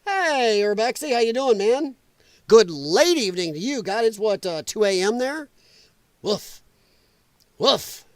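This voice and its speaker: Middle-aged guy from illinois ranting on his live stream, cussing and laughing, pitch jumps all over, dry close sound. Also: a little slow, long pauses, no echo. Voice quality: profane, mocking, laughs often. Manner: animated, drops into sarcastic mimicking voices. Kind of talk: live-stream political commentary.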